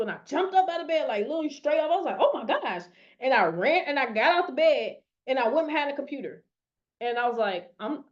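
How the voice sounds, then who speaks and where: A high-pitched woman in her thirties tells her story to a group on a video call, emphatic and conversational, dropping in "y'all". The audio is dull and lo-fi. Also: lively intonation, quick pace, darkish tone. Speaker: network marketing coach. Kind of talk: motivational talk on a call.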